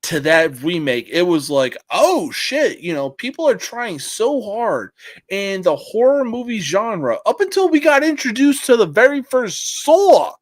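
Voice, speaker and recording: A man co-hosting a casual podcast with a high, very lively voice that swoops up and down. He speaks at an unhurried pace, swearing as he spins animated stories. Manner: profane, animated storyteller. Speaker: podcast co-host. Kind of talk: casual chat.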